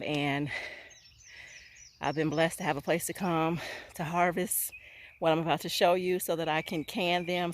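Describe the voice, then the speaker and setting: Out on a rural hillside farm, a homestead vlogger with a deep voice chats eagerly into her handheld phone camera, peppering her casual talk with "y'all." A bit of hiss or hum is audible.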